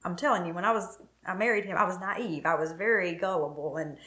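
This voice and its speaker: A middle-aged woman, appearing as a guest, tells her own story with emotion, acting out the words others said to her. Her voice is fairly low, brisk, bright and forceful. The recording has a roomy echo.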